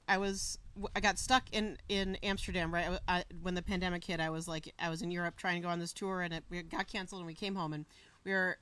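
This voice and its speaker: A woman's voice: on the low side, fairly bright tone. Rambling woman co-host outdoors. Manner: rambling anecdotes with many fillers. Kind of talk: casual chat. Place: outdoor theater patio.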